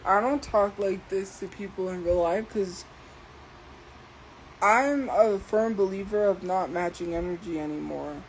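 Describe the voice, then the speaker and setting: A woman's voice: medium pitch, measured pace, a little hiss or hum, rough recording. Exasperated woman ranting on a livestream. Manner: defensive, exasperated, talking back to chat. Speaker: livestream host.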